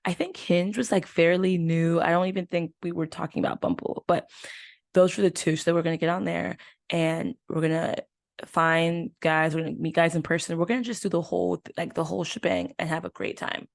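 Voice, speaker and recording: A young woman hosts her own podcast, talking through a story in a loose, animated way, full of fillers and quick asides. Her voice sits a little low, and the recording is close and dry, with no room sound. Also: vocal fry, no room sound. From United States. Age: 20s. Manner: animated, chatty storytelling with many fillers and laughs. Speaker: podcast host. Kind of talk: casual chat.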